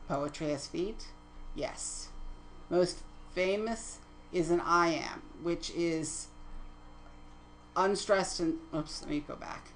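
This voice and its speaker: A woman's voice: on the low side, creaky, slight background noise, rough recording. A woman teaching poetry terms in a lecture over slides, reading definitions steadily and correcting her own slips. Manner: methodical, reads definitions aloud, self-corrects slips.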